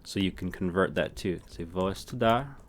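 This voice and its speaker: A man teaching a casual language lesson who repeats words slowly for practice and keeps checking in with "right?". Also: low-pitched, slight background noise.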